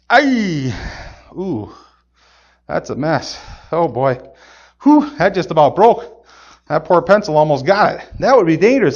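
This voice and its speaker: A man giving a playful, animated object lesson to children, exclaiming and laughing as he goes. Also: high voice, highs cut off. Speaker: children's gospel magician.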